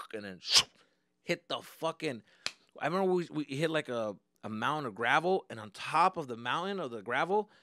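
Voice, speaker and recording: A man's voice: medium pitch, dry recording, clean studio sound. A young man from Arizona hosting a podcast, telling a story in a loose, slangy, profane way and acting out what people said. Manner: animated, slangy and profane, acts out quoted dialogue. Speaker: podcast host. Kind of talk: casual storytelling.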